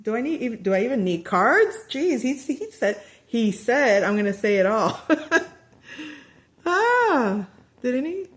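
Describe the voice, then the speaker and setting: A woman's voice: fairly high pitch, moderate pace. Chatty woman giving a tarot reading. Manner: chatty, animated, quoting dialogue in voices; frequent fillers and restarts. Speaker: tarot reader. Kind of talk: casual spoken tarot reading.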